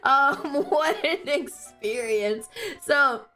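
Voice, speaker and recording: A woman's voice: high voice, drawn-out words, sharp tone. A young woman streamer telling a story in casual chat, giggling often and swearing freely, with faint music behind her.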